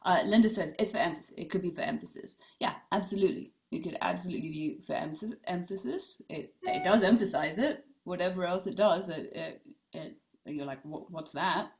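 Leading a casual online class, the rabbi speaks briskly in a lowish, slightly mellow voice. She muses aloud with plenty of fillers and restarts, pausing to read participants' comments to the group.

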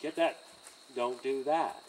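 A man teaching horse handling outdoors by a trailer, in a calm coaching manner with frequent okays and chuckles. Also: mid-range voice, slow, recorded from a distance, slight background noise, poor audio. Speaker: horse trainer. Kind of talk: hands-on training demonstration.

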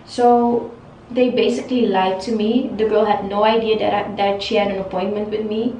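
A woman's voice: mid-range voice, fairly even intonation, moderate pace, warm tone, distant mic, a little hiss or hum. A young woman venting to camera as a hair vlogger, frustrated and repetitive, swearing freely. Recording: roomy echo, voice a bit off-mic.

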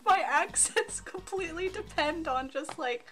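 A woman streamer hosting a casual gaming chat, excitable and giggly, swearing often. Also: very high voice, a little slow, faint music behind.

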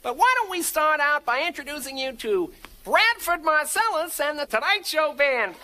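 A woman's voice: high voice, animated, moderate pace. A woman playing a joking male talk-show host in a comedy sketch, firing off punchlines. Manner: joking, upbeat, punchline delivery. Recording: noisy TV studio broadcast with audience.

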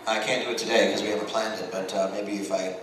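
A man's voice: lowish voice, level tone, fast, a bit bright. A man speaking as a convention panelist, in easygoing, rambling casual talk in a large hall. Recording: echoey hall, distant mic, background noise.

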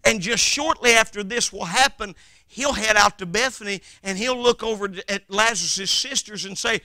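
A male preacher at a revival meeting, his voice high and cutting with a sharp, forceful edge. He swings from shouted calls to hushed, low quoting of scripture. The sound is dry and close, with almost no room around it. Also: normal speed, no echo. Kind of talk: revival sermon.

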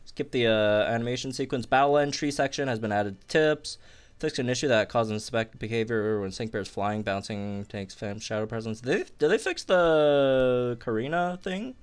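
A young man giving excited commentary on a game update, bursting into squeals and laughter as he talks to viewers. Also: mid-range voice, moderate pace, clean tone. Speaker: gaming youtuber.

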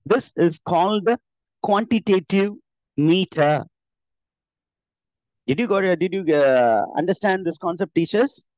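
A man's voice: sits high, measured pace, pauses often, a little mellow, no room sound. Indian man teaching an online class. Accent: Indian English. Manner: explains step by step with many filler "uh"s and self-corrections. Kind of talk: live online lecture. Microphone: computer mic on an online class call. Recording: dull, dry online call audio.

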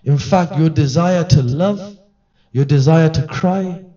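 A man's voice: fairly high pitch, takes it slowly, mellow. A man giving an earnest, conversational religious reminder to a gathering. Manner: earnest, conversational, acts out quoted voices. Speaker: religious teacher. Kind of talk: sermon-style reminder at a gathering. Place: gathering hall. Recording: distant mic, dull lo-fi sound.

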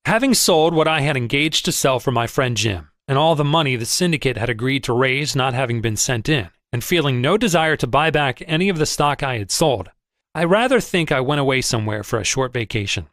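Male narrator for a first-person audiobook, expressive and measured, lively pitch, dry booth sound. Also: dry recording.

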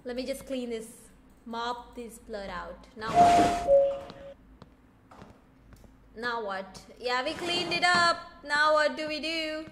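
Excitable high-voiced woman streamer. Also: takes it slowly, long pauses. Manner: loud, excitable, swears a lot, sometimes screams. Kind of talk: let's play commentary. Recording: game music behind her voice.

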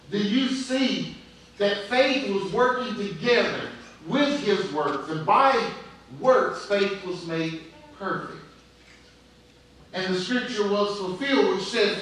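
A middle-aged male pastor preaching slowly and deliberately, letting his words hang between pauses. His voice sits a little high for a man. It is recorded from far off in a very echoey church sanctuary, with faint room noise underneath. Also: a bit bright. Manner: storytelling preacher, pauses often, prays aloud. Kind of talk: sermon.

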